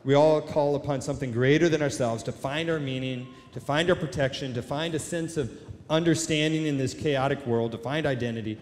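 A male pastor preaching a sermon in a large church, building from quiet questions to shouted, repeated declarations. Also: a little high, fairly even intonation, brisk. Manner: rising to shouted, repetitive declarations. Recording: long hall reverb.

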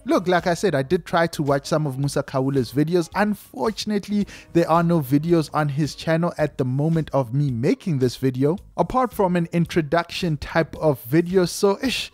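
A man's voice: on the high side, normal speed, hardly any pauses, no echo, soft background music. A man talks through celebrity gossip with a raised voice, chatting easily and breaking in with his own asides. The sound is dry and close, with no room around it. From South Africa. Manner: chatty, animated, reads tweets aloud with asides. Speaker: entertainment news host. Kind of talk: casual gossip commentary.

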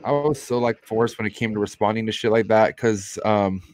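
A man's voice: on the low side, a little fast, slight background noise. A man hosting a podcast, telling a casual story with lots of swearing. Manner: animated, swearing anecdotes. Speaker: podcast host. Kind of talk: casual chat.

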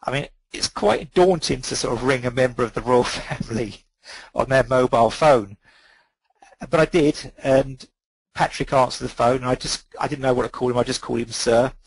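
A man's voice: medium pitch, normal speed, breathy edge, dry recording, low-quality recording. A middle-aged man, a photographer guest on a webinar call, telling rambling anecdotes full of ums and quoted dialogue. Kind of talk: relaxed anecdotal storytelling.

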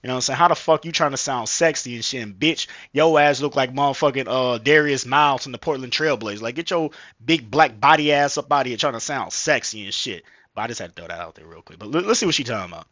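A man's voice: medium pitch, quick pace, pushed and bright, no room sound, dull audio. A man vlogging casually into a headset mic, rambling with slang, profanity and lots of fillers. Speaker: vlogger reacting to a video. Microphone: gaming headset microphone.

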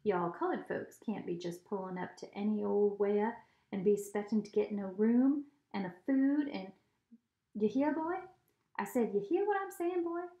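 A woman's voice: mid-range voice, normal speed, dark tone, natural voice. A woman reading a storybook aloud, voicing a father who teasingly puts on an exaggerated Southern drawl. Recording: echoey room.

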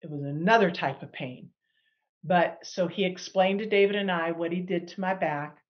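A middle-aged woman sharing a personal healing testimony as a guest, animated and acting out the people she quotes. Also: lowish voice, moderate pace, highs cut off. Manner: animated, acts out quoted dialogue.

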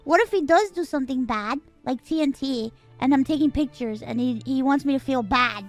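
A woman chatting casually while streaming a game, talkative and quick to giggle. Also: sits high, soft background music. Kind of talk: casual gameplay chat.

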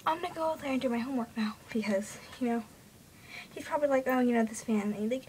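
Teen girl gushing on a bedroom webcam vlog, kinda high voice, breathless, whispery bits, light hiss. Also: fast talker, darkish tone. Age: teens. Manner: breathless and giddy, drops into whispers. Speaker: vlogger. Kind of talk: excited fangirl vlog. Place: bedroom at home.

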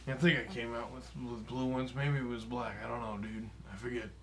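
A man's voice: medium pitch, steady tone, fairly quick, a bit bright, a little hiss or hum, close to an everyday voice. A man voicing a boastful, broke, aging male pro wrestler for comedic gameplay commentary, swearing often, chuckling and calling everyone brother or dude. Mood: cocky rambling. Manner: tacks brother or dude onto nearly every phrase.

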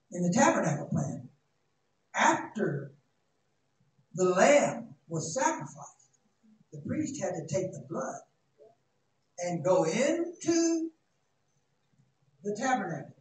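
Male pastor, high-voiced, dramatic and folksy, heard from far in a big echoing sanctuary. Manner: dramatic, shouting at peaks, folksy asides. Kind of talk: sermon. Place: church sanctuary. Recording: echoey church, distant mic, faint noise.

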